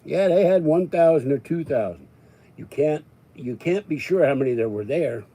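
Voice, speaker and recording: A man's voice: on the high side, animated, normal speed, mellow, slightly rough. A man hosting a live stream, rambling and joking as he chats. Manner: joking, rambling, chuckling often.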